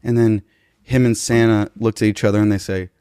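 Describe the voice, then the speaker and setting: A man's voice: lowish voice, level tone, brisk, mellow, smooth, no echo, clean studio sound. A man telling an absurd improvised comedy story in a matter-of-fact way. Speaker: podcast comedian.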